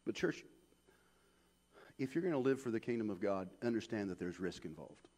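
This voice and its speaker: A man preaching a sermon, swinging from hushed asides to shouted peaks. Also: lowish voice, expressive, normal speed. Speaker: pastor.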